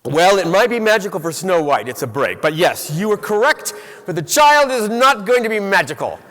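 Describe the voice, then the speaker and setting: Middle-aged man, keynote speaker, lively swooping pitch, quizzes the crowd, long hall reverb. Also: moderate pace. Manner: animated storyteller who quizzes the audience. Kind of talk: motivational keynote speech. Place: large hall with a live audience.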